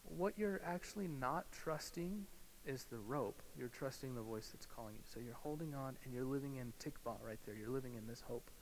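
A male pastor preaching a sermon, swinging from loud emphasis to hushed, slow guided imagery. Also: medium pitch. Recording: hall reverb with faint hiss.

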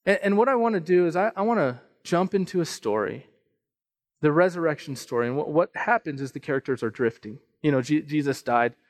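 A male pastor in his thirties preaches with a fairly high voice. He tells a story in lively, conversational fashion and circles back on his words. His voice climbs at emotional peaks before settling back down. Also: fairly quick. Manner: storytelling, animated, rises in pitch and volume at emotional peaks; frequent restarts and repeated phrases. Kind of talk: sermon.

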